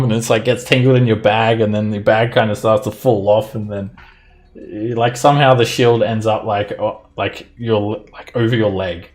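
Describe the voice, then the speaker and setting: Low-voiced man narrating as game master. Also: fairly even intonation, normal speed, darkish tone. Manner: loose narration with frequent laughs and fillers. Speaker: dungeon master.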